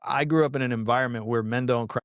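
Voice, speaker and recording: A middle-aged man from Colombia, a podcast guest, telling a personal story in an earnest, animated, casual way, often saying "man" and "you know.". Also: mid-range voice, fast, no room sound, studio quality. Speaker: podcast guest, pastoral counselor and fitness coach.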